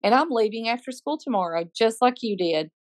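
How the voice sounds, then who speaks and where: A woman's voice: on the high side, brisk, no room sound. A middle-aged woman with a Southern US accent, a school counselor co-hosting a podcast, teasing her partner and telling stories with quoted dialogue. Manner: teasing, animated storyteller. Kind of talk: casual chat, storytelling.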